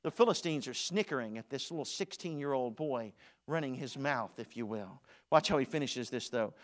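A man preaching a sermon in a church auditorium, swinging from loud declarations to hushed asides. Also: medium pitch, animated, normal speed.

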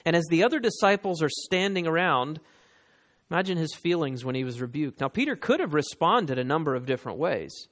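A man preaching a sermon, talking straight to his listeners and reading scripture slowly and with weight. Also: on the high side, animated, a bit bright. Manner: reads scripture slowly and with emphasis, talks to listeners directly.

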